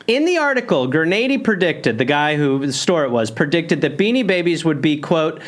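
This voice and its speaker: A man's voice: a little high, a little fast. A man in his forties, a comedy podcast host telling a story with jokes and quotes read aloud. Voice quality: animated, jokey, reads quotes aloud. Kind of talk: comic storytelling.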